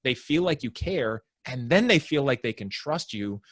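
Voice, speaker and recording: A man, a sales consultant, explaining his approach as a podcast guest and acting out his clients' worries in quick asides. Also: mid-range voice, no room sound, studio quality. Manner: animated explainer, acts out prospects' inner voices. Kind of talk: conversational interview.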